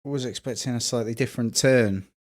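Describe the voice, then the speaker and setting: A man's voice: mid-range voice, fairly quick, a little mellow. A man co-hosting a podcast in casual chat, with dry jokes and absurd made-up stories. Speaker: podcast co-host.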